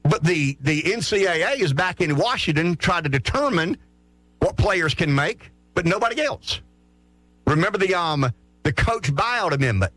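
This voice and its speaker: A middle-aged man from South Carolina hosting opinionated sports talk radio, blunt and animated, often stammering and restarting his words. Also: high-pitched, moderate pace, no echo. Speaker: radio talk show host.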